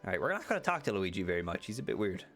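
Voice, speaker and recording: A man's voice: low-pitched, big pitch swings, racing, a bit bright, faint music behind. A young man casually streaming a game, playful, with silly asides and voices. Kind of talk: casual let's-play commentary.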